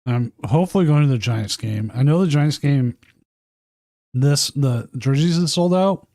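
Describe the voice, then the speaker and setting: A man's voice: medium pitch, normal speed, mellow, no echo, studio quality. A man chatting casually and rambling while streaming a card tournament. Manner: rambling, talks with mouth full at times.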